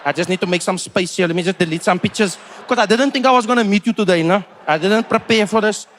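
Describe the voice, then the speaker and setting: A man acting out a brash, excitable young fan from Cape Town with a South African accent, loud, bossy and full of slang. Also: high voice, quick pace, slight background noise.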